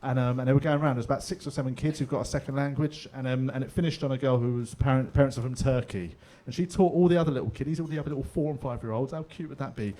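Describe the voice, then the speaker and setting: A man's voice: medium pitch, rapid-fire, few pauses, mellow. A middle-aged man with a London accent doing stand-up comedy in a pub, chatty and swearing, slipping into other people's voices. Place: pub stage with live audience.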